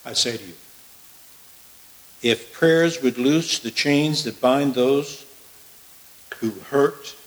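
A male preacher giving a sermon and reading scripture, emphatic, swinging from loud declarations to hushed asides. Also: medium pitch, slow pace, long pauses, rough recording.

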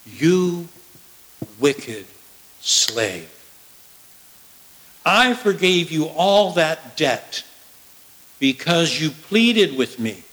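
A man voicing a stern master rebuking his servant, slow and emphatic, during a scripture reading. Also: on the high side, sing-song, a bit bright, pitched above the performer's own voice, exaggerated voice, low-quality recording. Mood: indignant.

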